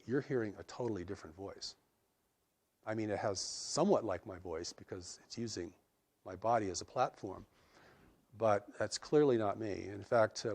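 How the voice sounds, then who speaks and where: Male interviewee, low-pitched, earnest and measured, reflective delivery. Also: a little mellow. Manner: earnest, measured, with frequent restarts. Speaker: interviewee describing spiritual revelations.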